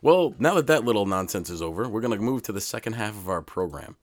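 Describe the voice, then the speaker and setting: A man hosting a podcast, introducing a segment with many pauses and restarts. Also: lowish voice, expressive, no room sound, clean studio sound. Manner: hesitant, many ums and restarts. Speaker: podcast host. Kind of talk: casual podcast talk.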